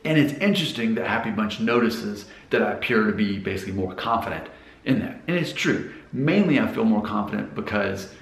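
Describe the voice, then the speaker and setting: An American vlogger in his forties talks casually to camera, asking his viewers questions directly and gesturing as he speaks. His voice is fairly low, creaky and a little fast, with lively intonation. Soft background music plays, and the room has an echo.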